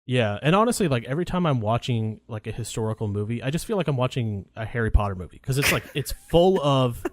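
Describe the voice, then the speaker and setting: Rambling, profane co-host, dry sound. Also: male voice, mid-range voice, expressive, fast talker, dry recording. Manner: rambling, profane, many restarts. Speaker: podcast co-host. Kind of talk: casual movie chat.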